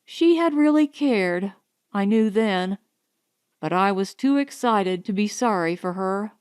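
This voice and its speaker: A woman narrating a novel as an audiobook in a measured, expressive way. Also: mid-range voice, clean tone.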